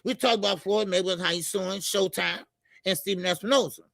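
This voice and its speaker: A man hosting a laid-back boxing livestream, his voice pitched high with a gravelly, bright edge. He greets viewers in the chat one by one and fills the gaps with steady "all right" and "yes sir". The sound is dry and close, with no room around him. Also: brisk, no echo. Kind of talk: casual live-stream chat.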